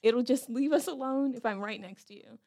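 A woman on a podcast telling her own ghost story in casual chat, animated and quick to laugh, acting out her reactions. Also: a little high, gravelly. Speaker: podcast co-host.

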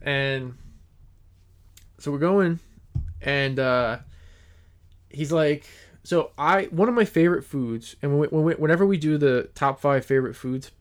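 A podcast host with a fairly high voice chats casually, telling stories in a rambling way with many restarts. He speaks a little slowly and pauses often.

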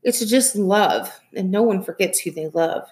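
A woman voicing a tired, tender mother who comforts her son slowly in a soft, near-whispered voice. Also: mid-range voice, lightly acted.

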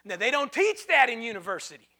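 A man preaches in a church with a very high, keen and piercing voice. He swings from soft, hushed lines to sudden shouted peaks, repeating phrases for the congregation. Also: sing-song, fast. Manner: repetitive call-and-response phrasing. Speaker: pastor. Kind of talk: sermon.

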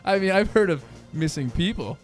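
A man's voice: high voice, lively intonation, moderate pace, soft background music. A young man co-hosting a podcast in casual chat, with dry, teasing banter. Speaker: podcast co-host.

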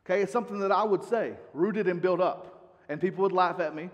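A man's voice: high voice, a little fast, lo-fi sound. Man preaching in a reverberant hall. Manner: conversational preaching, reads scripture aloud. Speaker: pastor. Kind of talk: sermon.

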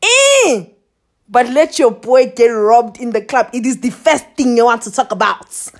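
A woman's voice: fairly high pitch, normal speed, a little mellow. A young woman hosting a podcast, ranting in a casual, sassy way with laughter and mocking impressions. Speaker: podcast host. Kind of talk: casual monologue.

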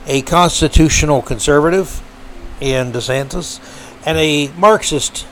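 A man's voice: on the high side, unhurried, fairly bright tone, a little hiss or hum. A man hosting his own podcast, giving heated, indignant political commentary with frequent fillers and restarts. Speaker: podcast host.

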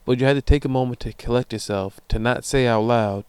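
A young man hosts a podcast in a loose, swearing monologue, acting out the people in his stories. His voice is smooth and resonant. It sits close and dry on the mic, with no room sound. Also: medium pitch, brisk, hardly any pauses, no echo. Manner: profane, animated storytelling with voiced quotes. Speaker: podcast host. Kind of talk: casual monologue reading listener emails.

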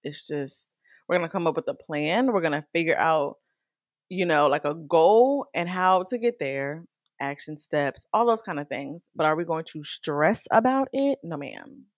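A woman talking casually to her viewers about faith and stress, chatty and animated, calling the listener girl. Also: low voice, measured pace, dry recording, studio quality. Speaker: faith vlogger. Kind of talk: casual faith talk to camera.

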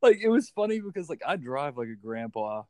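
A man's voice: fairly high pitch, fairly quick, no room sound. A man from the United States in casual chat, telling stories with lots of swearing and acted-out quotes. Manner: animated storyteller, swearing, acting out quotes.

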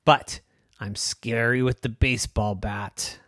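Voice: mid-range voice, fairly even intonation, takes it slowly, fairly bright tone, no echo, clean studio sound. A storyteller voicing a small, brave, boastful mouse who pleads and insists he can play. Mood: insistent.

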